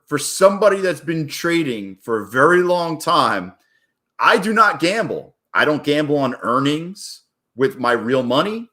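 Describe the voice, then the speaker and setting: A man live-streaming his day trading, chatting casually and excitably, with plenty of swearing and hype. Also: medium pitch. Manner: excitable, profane, hypes up his wins; rambling and casual.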